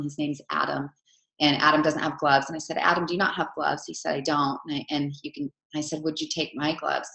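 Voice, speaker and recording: A woman coach talking to her group in a chatty, heartfelt way, often asking "right?". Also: deep voice. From Utah, USA. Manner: chatty, warm storytelling with many "right?" asides. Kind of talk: live online coaching session. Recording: roomy echo.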